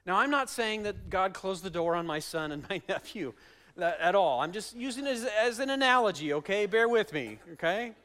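Man, high voice, preaching, emphatic storytelling, church sermon. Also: lively intonation, normal speed, a bit bright. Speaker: pastor.

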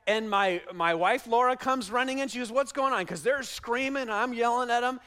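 A middle-aged male pastor preaching a sermon, telling stories with animated emphasis. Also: very high voice, moderate pace, clear, resonant tone.

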